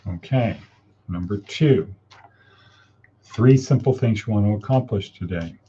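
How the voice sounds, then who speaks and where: A man's voice: on the low side, unhurried, mellow, lo-fi sound, slight background noise. A man hosting a casual morning coaching livestream, upbeat and encouraging as he reads viewer comments and guides listeners through steps.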